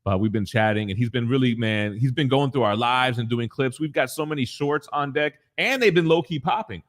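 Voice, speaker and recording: A man's voice: mid-range voice, brisk. A man in his forties co-hosting a casual live show from his home basement, talking in slang and swearing freely as he reads chat messages. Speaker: co-host of a collectibles morning show.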